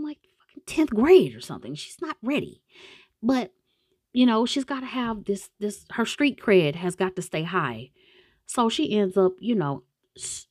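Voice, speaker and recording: A woman's voice: fairly low pitch, darkish tone, no room sound, studio quality. A young woman retelling a film's plot in a casual, rambling way, with slang and swearing. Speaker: movie reviewer.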